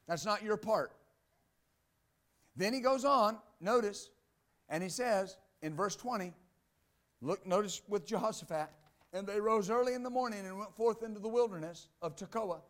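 High-voiced pastor preaching with emphasis. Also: male voice. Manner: emphatic, repeats "Amen" and "believe that"; reads scripture aloud, then explains it. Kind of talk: sermon.

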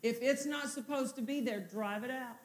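Casting: woman preacher, high voice, emphatic and repetitive. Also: normal speed. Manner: repetitive, building to exultant shouts. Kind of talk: sermon.

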